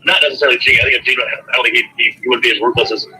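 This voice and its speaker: A man's voice: medium pitch, fairly even intonation, racing, sharp tone, slight background noise, low-quality recording. A man talking casually in a private conversation, rambling with lots of fillers and repeated words. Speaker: friend in a recorded private call.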